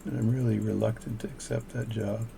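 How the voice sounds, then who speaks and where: A man's voice: on the low side, fairly even intonation, fairly quick, vocal fry, noisy background. An older man, a watchmaker, casually talking through his repair work at home and chatting between steps. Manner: casual, chatty, thinks aloud between tasks. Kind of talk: narrating repair work as he goes. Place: home workshop.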